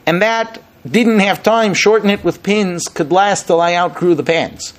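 A middle-aged man teaching an informal Torah lesson as a rabbi, animated and acting out the rabbis he quotes with rising emphasis. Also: high voice, measured pace.

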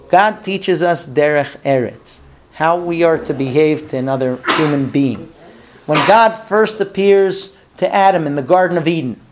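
A man teaching a Bible lesson, telling the story with acted-out dialogue and putting questions to his listeners, sometimes repeating words as he thinks. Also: on the high side. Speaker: Torah teacher.

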